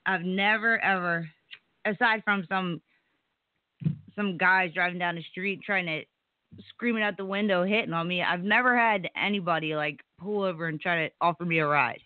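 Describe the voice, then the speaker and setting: A woman's voice: fairly low pitch, moderate pace, no echo. A woman co-hosting a casual talk show, talking about her daughter with wry, sarcastic banter. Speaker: co-host. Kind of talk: casual podcast chat. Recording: tinny phone-like sound.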